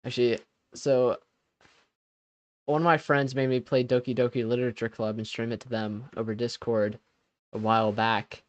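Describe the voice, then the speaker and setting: A man's voice: medium pitch, little pitch movement, normal speed, long pauses. A young man hosting a live stream, chatting casually with viewers. He laughs often and trails off mid-sentence.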